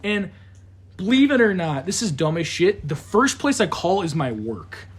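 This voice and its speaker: Young man, podcast co-host, casual storytelling, high voice, husky, swearing, animated, many restarts. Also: moderate pace. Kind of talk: casual storytelling among friends.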